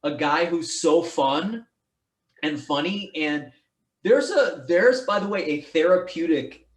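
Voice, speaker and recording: A man's voice: a little high, expressive, takes it slowly, roomy sound. A man hosting a podcast in casual chat, rambling and restarting his sentences, swearing now and then. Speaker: podcast host.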